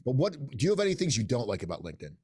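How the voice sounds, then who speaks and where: A man's voice: medium pitch, racing, breathy edge, no room sound. A man hosting a podcast in a recording studio, chatting casually and joking with his guests. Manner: lively, jokey, mimics others. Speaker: podcast host. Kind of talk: casual interview chat.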